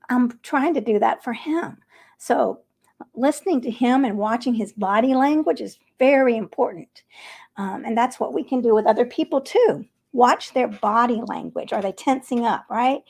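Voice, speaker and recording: A middle-aged woman talking earnestly and gently, coaching her viewers in a casual vlog. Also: a little high, vocal fry, slightly rough. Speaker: vegan vlogger. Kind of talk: casual advice talk to camera.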